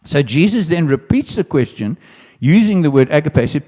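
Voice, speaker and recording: A man preaching with a mellow, warm tone and an earnest delivery. He often restarts his phrases and rises for emphatic lines. His voice carries a long hall reverb. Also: on the high side, lively intonation, moderate pace, few pauses. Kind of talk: sermon.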